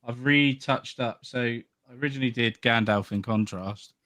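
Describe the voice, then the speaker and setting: A man's voice: medium pitch, normal speed, fairly bright tone, no echo. A man co-hosting a hobby podcast, chatting in an easygoing, mildly rambling way about his painting. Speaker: podcast co-host. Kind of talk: casual chat about miniature painting.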